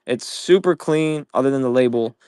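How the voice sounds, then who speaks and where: A young man hosting a casual live-selling stream, profane and excitable as he pitches items while playing a game. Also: normal speed, clean tone, no echo, clean studio sound. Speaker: livestream seller.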